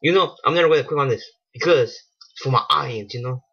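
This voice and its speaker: A man giving casual let's-play commentary, excitable and swearing, laughing at himself. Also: mid-range voice, fast talker, gravelly, breathy edge. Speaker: gaming channel host. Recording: dull lo-fi home mic.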